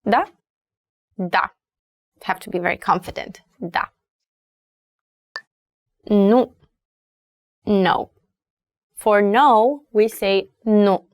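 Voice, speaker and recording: Slow-talking Romanian-accented woman teacher. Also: medium pitch, no echo, clean studio sound. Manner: explains carefully, repeats words slowly. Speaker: language teacher. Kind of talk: language lesson.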